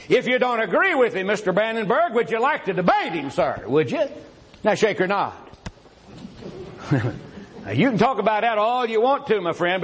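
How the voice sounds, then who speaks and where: A man's voice: sits high, poor audio. A man giving a preacher-style rebuttal in a religious debate, firing rhetorical questions at his opponent before an audience.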